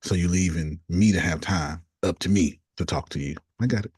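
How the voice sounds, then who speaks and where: A man coaching a group, reading out negative self-talk statements one after another in a deliberate, casual way. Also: sits low, darkish tone, slightly rough, no room sound, clean studio sound.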